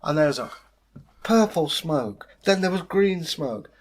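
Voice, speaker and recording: A man's voice: a little high, animated. A man, host of the channel, telling a folktale in a casual, playful way. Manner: unhurried, playful, slips into voices.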